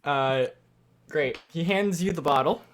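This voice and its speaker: A man narrating as dungeon master, speaking quietly and hesitantly with many fillers. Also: a little high, measured pace, a little hiss or hum. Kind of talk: narrating a tabletop game. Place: home room at night.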